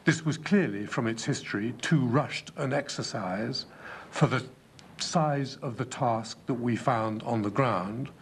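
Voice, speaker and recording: A man giving formal testimony to an inquiry, speaking in a measured, deliberate way with frequent hesitations. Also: mid-range voice, a little hiss or hum. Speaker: inquiry witness.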